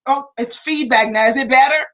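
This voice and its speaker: Animated high-voiced woman livestream host. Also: fairly quick, rough recording. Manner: animated storytelling, addresses viewers as y'all. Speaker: co-host of a family talk livestream. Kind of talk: casual livestream chat.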